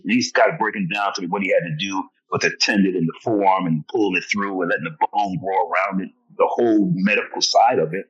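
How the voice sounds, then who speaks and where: On a podcast interview, a man spins animated stories, voicing other people's lines and chuckling a lot. His voice is low, a bit bright and husky, and he races along with hardly any pauses. The lo-fi recording sounds dull.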